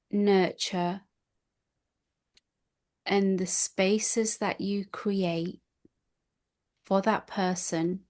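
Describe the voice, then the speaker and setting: A woman attending a retreat and sharing her experience in an interview, speaking in a heartfelt, gushing way with many restarts. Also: mid-range voice. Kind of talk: reflective interview answers.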